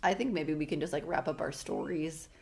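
A woman's voice: deep voice, fairly quick, gravelly. A young woman co-hosting a casual faith podcast, telling stories with lots of fillers. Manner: animated storyteller, acts out her past panic with laughing and shouting. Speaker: podcast co-host.

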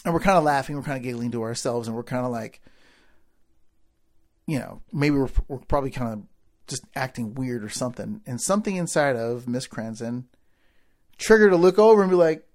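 A man telling a story from his boyhood in a loose, casual way. He drops into low, quiet asides and then rises into loud, excited bursts as he acts out the people in it. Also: a little fast, long pauses. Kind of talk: storytelling speech.

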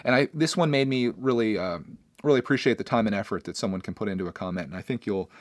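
A man's voice: fairly low pitch, fast talker, no echo, clean studio sound. A man in his thirties hosting a casual solo podcast, talking earnestly and rambling with many restarts. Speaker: podcast host and YouTuber.

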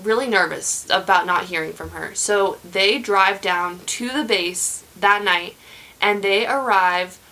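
Young woman host rambling thru a true crime story, slow, lots of um and like, bright voice. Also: medium pitch, poor audio. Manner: rambling, many fillers and restarts. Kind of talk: casual true crime chat.

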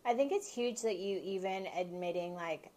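A woman's voice: medium pitch, moderate pace, mellow. A woman hosting a podcast, a hairdresser talking candidly in casual chat, rambling with lots of fillers. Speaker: podcast host.

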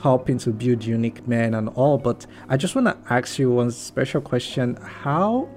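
A man's voice: medium pitch, moderate pace, a little mellow, faint music behind. A man hosting a faith-centered podcast interview, talking reflectively and often saying "like" as he thinks aloud. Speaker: podcast host. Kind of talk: conversational interview.

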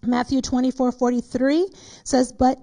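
Earnest woman preaching, gravelly high voice. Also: level tone, moderate pace, mellow. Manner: earnest, preacherly, with emphatic repetition. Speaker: pastor teaching Bible study. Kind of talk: sermon.

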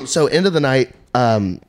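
A man's voice: a little high, background noise. A man, a guest comedian, telling a rambling, profane story on a podcast while laughing along.

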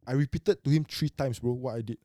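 A man with a Singaporean English accent, chatting loudly on a podcast, swearing and rambling. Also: mid-range voice, a little fast, no room sound, studio quality. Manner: loud, swearing, rambling and animated. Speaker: podcast host. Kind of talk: casual podcast chat.

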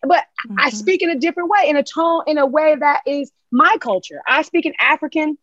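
A woman with a North Carolina Southern accent speaks as a podcast guest, emphatic and passionate, pitched a little high. Her voice comes through a dull, lo-fi recording with a dry, close sound. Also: lively intonation, a little fast, a bit bright, dry recording. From Charlotte, North Carolina. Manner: emphatic, passionate, tag questions. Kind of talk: podcast conversation.

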